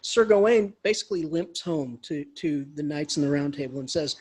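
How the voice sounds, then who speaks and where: Male professor, casual animated lecture, high husky voice. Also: fairly quick, hardly any pauses. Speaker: English professor. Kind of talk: lecture retelling a story.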